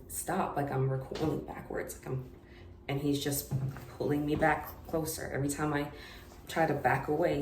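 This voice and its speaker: A young woman telling a personal story to camera in an unedited confessional vlog, halting and hesitant, with many fillers and restarts. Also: deep voice, vocal fry, a little mellow. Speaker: vlogger. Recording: echoey room with faint noise.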